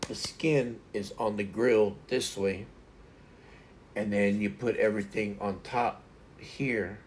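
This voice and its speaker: A man's voice: fairly low pitch, steady tone, takes it slowly, slight background noise. A middle-aged man, hosting a casual live stream and rambling with lots of repeated words and fillers. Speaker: livestream host. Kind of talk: casual chat to stream viewers.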